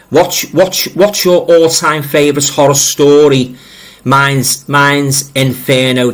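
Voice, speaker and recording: A middle-aged man with a Liverpool accent hosts a casual live stream. He reads out viewer comments, rambles, and often repeats words as he restarts. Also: mid-range voice. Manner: friendly, addresses viewers directly. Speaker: livestream host reading viewer comments.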